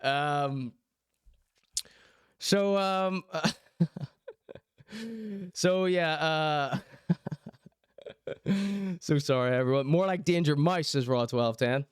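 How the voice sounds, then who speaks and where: A man's voice: fairly high pitch, very slow, long pauses, clear, resonant tone, dry recording, studio quality. A man hosting a show, talking casually and teasing, often breaking into laughter as he speaks. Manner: laughs mid-sentence, teasing. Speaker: host. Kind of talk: casual mocking commentary.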